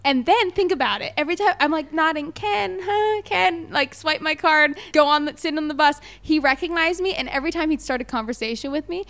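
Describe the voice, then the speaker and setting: A young American woman co-hosting a podcast, telling stories in a chatty, animated way. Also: high-pitched, fast, few pauses. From United States. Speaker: podcast co-host. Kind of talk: casual chat.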